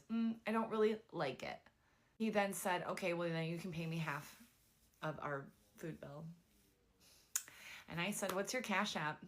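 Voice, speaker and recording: A young woman casually telling a dating story, chatty and animated, with lots of "like" fillers. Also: lowish voice.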